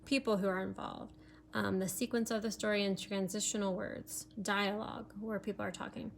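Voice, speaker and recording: A woman's voice: mid-range voice, little pitch movement, moderate pace, gravelly, a little hiss or hum. A woman teacher giving a recorded remote lesson, explaining step by step with many fillers, sometimes turned away from her computer mic.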